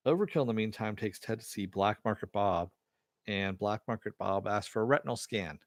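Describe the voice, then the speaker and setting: Man reviewing a TV episode: low voice, dry close sound, loose filler-heavy retelling. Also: brisk, no room sound. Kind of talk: casual episode recap.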